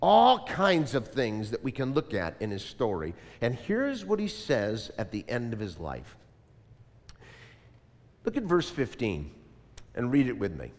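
A man preaching a sermon in an animated style, asking the congregation to repeat lines after him. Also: medium pitch, unhurried, big-room sound. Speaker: pastor.

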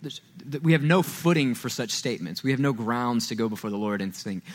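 Man preaching with lively conversational emphasis. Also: brisk. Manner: conversational, acts out quoted voices, rises loud and high when stressing. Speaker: pastor. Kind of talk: sermon. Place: church sanctuary.

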